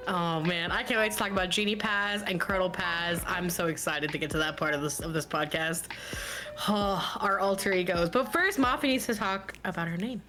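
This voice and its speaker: A woman's voice: on the low side, brisk, sharp tone, faint music behind. A woman co-hosting a podcast in casual chat, giggly and playful as she steers the conversation. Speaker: podcast co-host.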